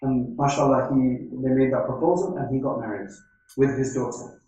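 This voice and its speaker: A man's voice: mid-range voice, moderate pace, dark tone. A man giving an Islamic religious lecture, telling stories and quoting Arabic, often checking in with "right?". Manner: storytelling with Arabic quotations and frequent "right?". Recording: echoey hall, speaker far from mic.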